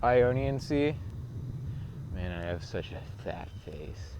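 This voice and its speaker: A man's voice: fairly low pitch, animated, takes it slowly, noisy background. A man rambling to himself in a profane, absurd stream of thought while cycling outdoors on city streets. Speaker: vlogger.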